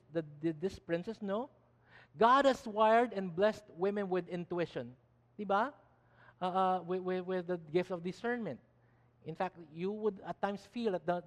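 A man preaching a sermon emphatically, often restarting his words. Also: sits high. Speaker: pastor. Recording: long reverb of a hall.

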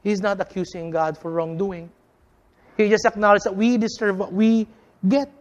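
A preacher in full sermon mode, talking straight to the congregation as friends. The delivery builds through repeated phrases and stressed words, then pulls back into quiet, slowed-down lines. Its earnest, rhythmic pulpit cadence carries from point to point. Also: medium pitch, fairly even intonation, in a large hall, highs cut off. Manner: addresses the listeners as friends.

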